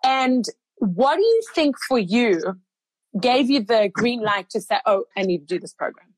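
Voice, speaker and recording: A woman's voice: fairly high pitch, very animated, moderate pace, no room sound, rough recording. A woman hosting an interview as a coach, talking in an affirming, encouraging way. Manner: affirming, encouraging, full of backchannels. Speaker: host and coach running a group program for mothers. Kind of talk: conversational podcast interview.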